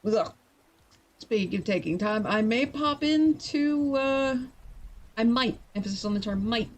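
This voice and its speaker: A tired woman with a fairly high, animated voice chats on a live stream as she prepares to write. She's playful and talkative with her viewers and laughs easily.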